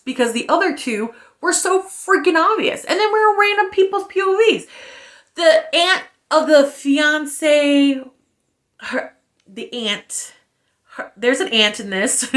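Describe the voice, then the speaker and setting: Woman in her thirties, book review rant, sarcastic, blunt, swears, slightly high voice. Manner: blunt, sarcastic, swears freely, lots of fillers.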